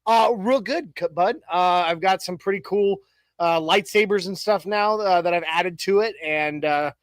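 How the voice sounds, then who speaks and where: A high-pitched man in his thirties co-hosts a casual sports talk show, rambling through many restarts and fillers while cracking jokes. He speaks at a moderate pace, and the audio is poor with no room sound.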